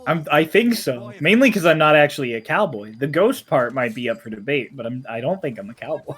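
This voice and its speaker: A man who is a guest on a game stream, telling animated stories and laughing easily. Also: medium pitch, husky. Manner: animated storyteller, quick to laugh. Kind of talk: casual chat while gaming.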